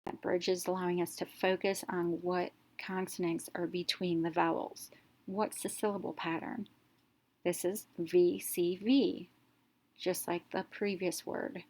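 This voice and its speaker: A woman with a fairly low, darkish voice teaches phonics in a level tone. She moves through each step slowly and deliberately, sounding out letters one at a time before blending them into a word.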